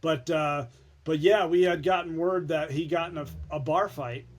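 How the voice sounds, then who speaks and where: A former TV news anchor, a man, telling stories as a podcast guest in an animated way, often restarting his words. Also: a little high, normal speed. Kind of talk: casual storytelling chat.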